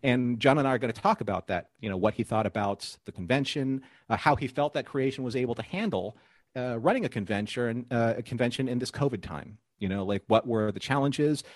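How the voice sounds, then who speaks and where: A man co-hosting a live podcast, joking and recapping an episode in a playful way. His pitch swings widely as he talks. His voice sits close and dry on the mic. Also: lively intonation, fairly quick, no echo. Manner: playful, jokey, laughs at his own puns. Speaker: podcast co-host.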